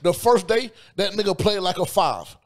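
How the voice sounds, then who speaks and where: A man co-hosting a sports podcast, arguing loudly and profanely, talking over the others in a heated casual debate. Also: sits high, animated, moderate pace. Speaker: podcast co-host.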